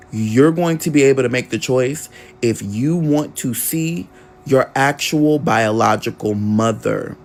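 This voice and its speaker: A man quoting his adoptive mother, speaking slowly and deliberately in a calm, serious tone close to his own voice. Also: medium pitch, vocal fry, exaggerated voice. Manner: slow, deliberate, solemn.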